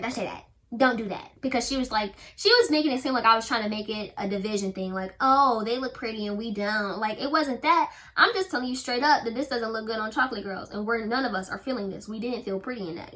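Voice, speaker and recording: A young woman vlogger telling personal stories in a candid, animated way, acting out what people said. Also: on the high side. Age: young adult. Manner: animated, candid storytelling with quoted voices. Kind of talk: storytime vlog.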